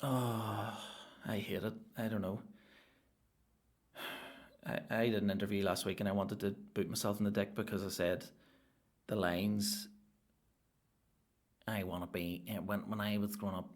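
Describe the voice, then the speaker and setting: Northern Irish male comic, slightly low voice, profane rambling monologue with loud outbursts. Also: level tone, normal speed, pauses often. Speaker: stand-up comedian and podcast host.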